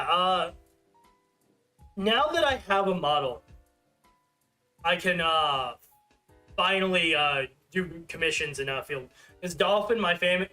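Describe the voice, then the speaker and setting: High, bright-voiced male streamer. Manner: rambling, self-deprecating, many fillers. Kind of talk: casual livestream chat.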